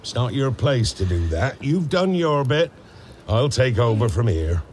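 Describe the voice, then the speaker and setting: A man reading a book aloud and voicing a big, gruff but kind-hearted male gamekeeper with a blunt rustic manner. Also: mid-range voice, big pitch swings, a little slow, darkish tone, slight background noise, pitched below the performer's own voice.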